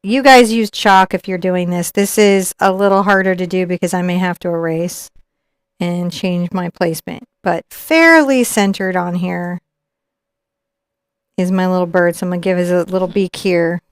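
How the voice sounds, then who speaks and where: A woman's voice: fairly low pitch, normal speed, clean tone, dry recording, clean studio sound. Chatty woman teaching painting. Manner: chatty, explains each step while painting. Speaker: art instructor. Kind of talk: live painting tutorial.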